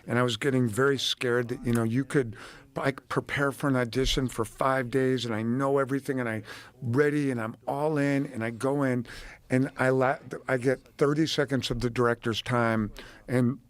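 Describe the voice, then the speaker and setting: Guy who went from acting to directing, spinning a story, swears a lot, mid pitch. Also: normal speed. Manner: animated, profane, acts out quoted voices. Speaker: guest, actor turned director. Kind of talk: casual storytelling on a podcast.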